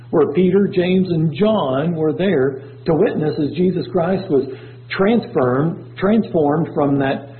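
A man preaching a sermon, his voice surging up and dropping low as he reads scripture. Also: a little hiss or hum. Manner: preaching with sudden swells and drops in pitch. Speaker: pastor. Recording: tinny phone-like low-fi recording.

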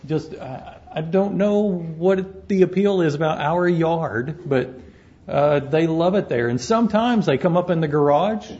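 Folksy pastor with a slightly high voice. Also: male voice, unhurried, darkish tone. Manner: folksy, conversational, jokes with his congregation. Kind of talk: sermon. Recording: dull lo-fi.

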